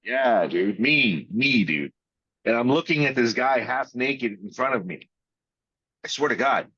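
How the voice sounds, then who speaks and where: A man in casual podcast chat, talking bluntly with lots of swearing and drawn-out pauses. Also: medium pitch, lively intonation, a bit bright, husky, no room sound. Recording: dry, dull lo-fi sound.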